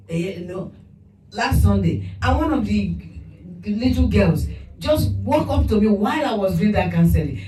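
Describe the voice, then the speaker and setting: A woman preaching a sermon, lively and laughing between points, putting on quoted voices. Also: on the high side. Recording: echoey room from far off with music.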